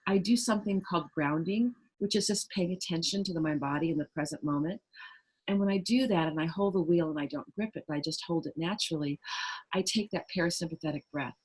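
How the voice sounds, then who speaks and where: A woman's voice: fairly low pitch, husky, low-quality recording. A middle-aged woman, a trauma resilience trainer, explaining earnestly in an interview and acting out little quoted voices. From United States.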